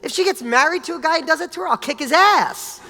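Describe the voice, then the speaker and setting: Male motivational speaker, bright and forceful delivery, casual and blunt with a bit of swearing, recorded in a reverberant hall. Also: extremely high pitch, lively intonation, fast talker, creaky. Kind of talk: motivational talk with personal stories.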